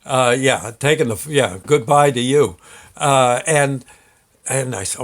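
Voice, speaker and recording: A man's voice: medium pitch, slow pace. A man hosting his own show, telling a personal story in a rambling, folksy way with many fillers and restarts. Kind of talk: casual storytelling.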